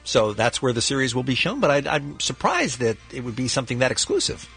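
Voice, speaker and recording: A male co-host on a radio show who talks fast and teases a guest. His voice is bright, and his pitch rises and falls a lot. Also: vocal fry, soft background music. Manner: teasing, quick, animated. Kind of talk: casual radio chat.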